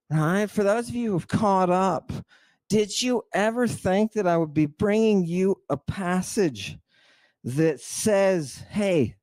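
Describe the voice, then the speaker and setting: Male livestream lecturer, high-pitched, unhurried, showman delivery, dry close sound. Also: a little mellow, dry recording. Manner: theatrical, exclamatory, addresses listeners as a congregation. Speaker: lecturer on ancient texts.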